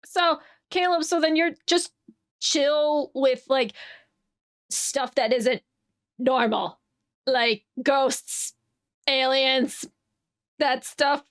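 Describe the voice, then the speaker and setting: A woman playing a tabletop game teases the others in a high, unhurried voice. She is recorded dry and close. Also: fairly bright tone, no echo. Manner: teasing, giggly. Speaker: player. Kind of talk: casual tabletop game chat.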